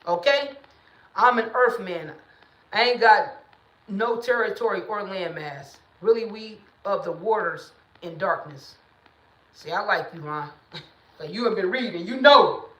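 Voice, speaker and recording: A woman hosting a livestream in casual talk, blunt and emphatic, sometimes rising into loud preaching bursts, speaking into a phone or webcam. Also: medium pitch, measured pace, echoey room, dull audio. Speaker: livestream host.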